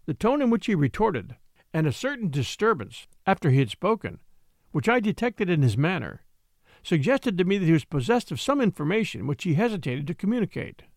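A man narrating a classic novel in the first person, measured and earnest. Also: high voice, sing-song, no room sound, studio quality. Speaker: audiobook narrator.

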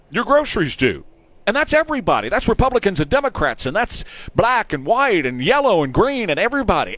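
Texan man, radio host, emphatic; lively upper-middle voice, dry studio sound. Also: high voice, no echo. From Texas. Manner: emphatic, repeats points for punch. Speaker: radio talk show host. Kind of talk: opinionated talk radio. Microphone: studio microphone.

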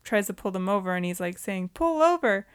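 A woman's voice: lowish voice, little pitch movement, quick pace, clean tone. A woman co-hosting a podcast, chatting casually about a movie and recounting scenes. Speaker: podcast co-host. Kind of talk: casual movie-review chat.

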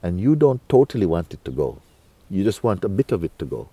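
A man giving an unhurried spiritual talk as a teacher to a gathering. He coaxes his listeners, often asks "you see?", and chuckles between phrases. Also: deep voice, big pitch swings, mellow, slightly rough, no room sound.

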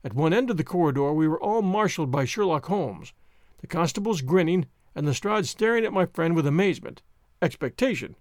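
A man narrating a classic story as an audiobook, in a measured, expressive way. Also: on the high side, dry recording, clean studio sound.

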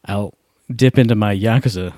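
Relaxed male podcast co-host. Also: fairly low pitch, moderate pace, no echo, clean studio sound. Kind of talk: casual chat.

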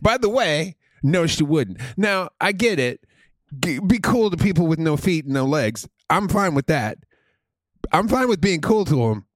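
A man co-hosting a comedy podcast in a fairly high voice that swings up and down. He rants in a lively way, with plenty of swearing. The close mic gives a dry sound. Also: normal speed, no echo. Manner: animated, profane, ranting. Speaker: podcast co-host. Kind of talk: casual comedic podcast banter.

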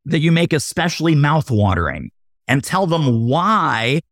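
A man appearing as a guest on a podcast, explaining sales with animated energy and acting out sample dialogue. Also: on the high side, unhurried, dry recording, studio quality. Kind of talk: podcast interview.

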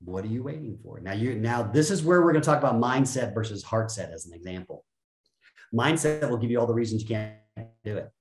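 An emphatic man talks as a podcast guest, blunt and forceful in how he makes his points. He slips into little mimicked voices to play out what others say. His voice sits at a middle pitch and rings in a roomy, echoing space. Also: expressive, fairly quick. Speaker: guest, self-help speaker. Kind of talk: energetic podcast conversation.

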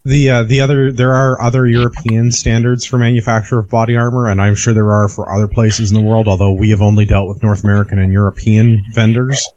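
A man co-hosting a podcast, explaining body armor testing in a measured way with dry humor. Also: lowish voice, level tone, a little mellow, dull audio, a little hiss or hum. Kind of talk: casual podcast chat.

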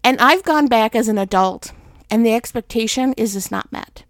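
A woman's voice: a little high, normal speed, no echo, clean studio sound. A middle-aged woman hosting a personal faith podcast, talking candidly and with self-deprecating humor, worn out while recovering. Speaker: podcast host.

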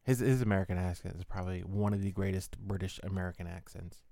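A man with a Southern Maryland accent co-hosting a podcast, talking fast with quick restarts. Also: deep voice, steady tone, vocal fry, dark tone, dry recording. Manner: fast, tumbling speech with restarts. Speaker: podcast co-host. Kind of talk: casual chat.

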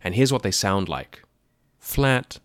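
A man hosting a podcast, explaining a language in a clear, methodical way with dry asides. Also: fairly low pitch, sing-song, slow, dry recording. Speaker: podcast host teaching about a language.

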